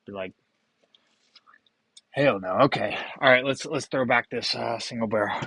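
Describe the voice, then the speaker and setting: A man's voice: mid-range voice, normal speed, vocal fry, long pauses, bright, forceful tone, slightly rough, dry recording, low-quality recording. A young man hosting a casual whiskey tasting, rambling and joking with profane asides. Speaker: whiskey vlogger.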